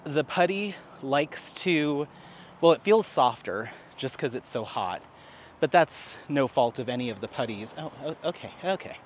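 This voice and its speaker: A man's voice: medium pitch, lively intonation, unhurried, a little hiss or hum. A man chatting casually with viewers while walking his dog in a park, laughing often. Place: outdoors in a park.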